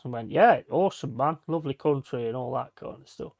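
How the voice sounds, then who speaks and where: A man's voice: medium pitch, fairly quick, creaky, darkish tone. A man hosting a live stream, telling holiday stories in casual chat, swearing freely and acting out what others said. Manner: swears freely, acts out quoted voices. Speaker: host.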